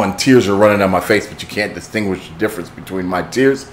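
Deep-voiced man telling an impassioned story. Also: brisk, few pauses. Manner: builds from hushed intensity to impassioned shouting. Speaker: host. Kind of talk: dramatic motivational storytelling.

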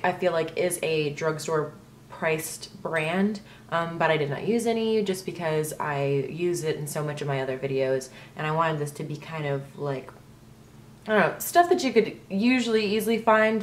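A woman's voice: low voice, a little hiss or hum. A young woman chatting casually through a makeup tutorial, rambling with lots of ums and likes. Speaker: beauty vlogger.

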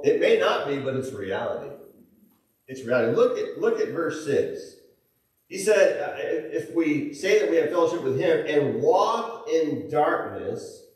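Male Midwestern pastor, conversational sermon delivery, slightly high voice, distant mic in an echoey church hall. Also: darkish tone. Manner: conversational preaching, folksy asides and chuckles. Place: church auditorium.

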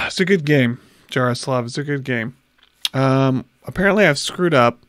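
A man in his thirties chats with his viewers during a casual space-game livestream from home, speaking into a desk mic as he plays. His medium-pitched, fairly bright voice has lively intonation at a normal speed. The sound is clean, studio-like, and echo-free.

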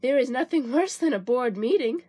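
A woman voicing an eager, literal-minded young housekeeper in a storybook reading, bright and earnest. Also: high-pitched, lively intonation, normal speed, breathy edge, dry recording, studio quality. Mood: cheerful.

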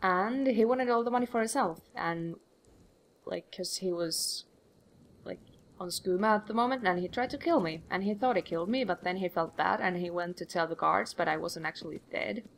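A woman's voice: on the low side, moderate pace, creaky, slight background noise. A young woman hosting a game playthrough, chatty and rambling, acting out the voices she quotes. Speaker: let's play host. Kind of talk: casual gameplay commentary.

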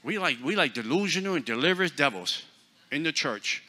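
Male guest preacher, forceful sermon delivery, sharp bright voice. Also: on the high side, expressive, fairly quick. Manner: forceful, blunt, swings between loud and hushed. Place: church.

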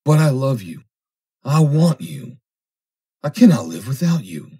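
Man playing a possessive, bitter suitor, husky voice with big swings. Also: on the low side, very animated, moderate pace, a little mellow. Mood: pleading. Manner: pleading and bitter. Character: jealous, possessive young man, obsessive suitor.

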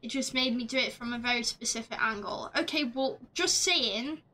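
A woman streaming a game live, chatting along as she plays, swearing freely and shouting at the screen. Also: a little high, moderate pace, slight background noise. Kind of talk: live gameplay commentary.

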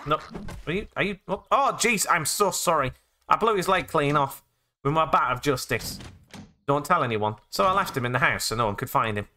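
A man's voice: mid-range voice, pushed and bright, a little hiss or hum. A young British man giving goofy, profane gameplay commentary, narrating his own actions as he plays and breaking into sudden squeals. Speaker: let's play gamer.

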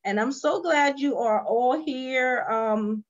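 A woman hosting a virtual spa session over a video call, energetic and cheery, calling out to her viewers. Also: high-pitched, slow, highs cut off. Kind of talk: lively livestream chat.

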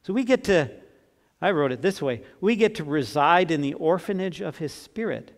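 A man in his sixties preaching a sermon as pastor, earnest, swinging from emphatic to soft and tender. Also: on the high side, animated, moderate pace. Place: church sanctuary. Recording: long church reverb.

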